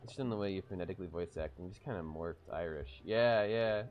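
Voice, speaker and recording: A man's voice: sits low, a little fast, lo-fi sound, soft background music. A man streaming live, making chatty, casual asides between reading game dialogue.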